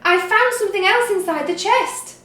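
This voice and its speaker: A woman voicing an excited young female pirate who cries out in a shrill voice in a storybook. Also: normal speed, reverberant, slight background noise.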